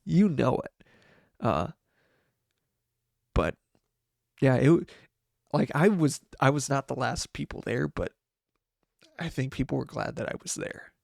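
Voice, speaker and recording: A young man hosting a podcast, telling a personal story in a halting way, with many restarts and laughs through the sad parts. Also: on the high side, gravelly, darkish tone, no echo, clean studio sound. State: tearful. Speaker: podcast host. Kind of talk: casual storytelling monologue.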